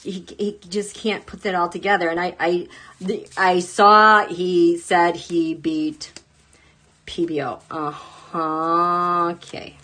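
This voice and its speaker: Slow-talking chatty woman tarot host. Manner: animated, jumps into high exclaims; chatty, laughs often. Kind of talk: casual live-stream chat.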